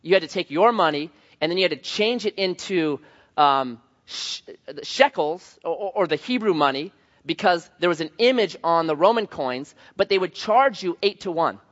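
A man preaching a sermon as pastor, telling stories in an animated way with voiced asides. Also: high voice, moderate pace, dull audio.

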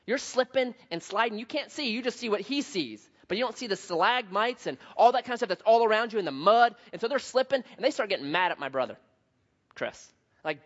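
A man with a high voice preaching a sermon in a church hall. He tells stories in an animated way, acting out voices and sound effects. The recording sounds slightly dull and muffled. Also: moderate pace. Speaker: pastor. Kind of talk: sermon with storytelling.

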